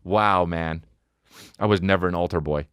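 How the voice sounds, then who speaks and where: A man hosting his podcast as a comedian, ranting in an animated, profane way with sudden high mocking outbursts. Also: moderate pace, clear, resonant tone, no room sound, studio quality. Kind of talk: comedic rant.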